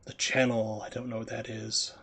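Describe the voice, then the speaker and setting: A man's voice: lowish voice, monotone, moderate pace, vocal fry, fairly bright tone, slightly rough. An American man streaming a video game, chatting casually and rambling with lots of fillers. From United States. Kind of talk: casual chat while gaming.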